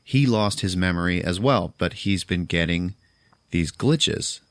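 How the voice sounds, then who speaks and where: A man's voice: low voice, unhurried, a bit bright, no room sound, clean studio sound. A man hosting a podcast, casually recapping a movie in a loose, profane way. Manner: loose, profane, retelling with quoted voices. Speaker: podcast host.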